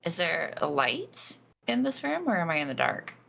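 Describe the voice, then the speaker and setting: Young woman in a tabletop game, lowish voice, slow and sarcastic, bit of noise behind. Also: big pitch swings, vocal fry, a bit bright. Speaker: player. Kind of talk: playing a tabletop game in character.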